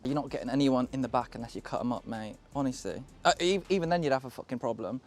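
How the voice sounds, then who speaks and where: A young British man casually showing off a cheap used car, excitable, joking and swearing as he goes. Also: medium pitch, quick pace, slight background noise. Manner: excitable, swearing, laughing, jokey. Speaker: car vlogger. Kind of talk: casual car walkaround vlog.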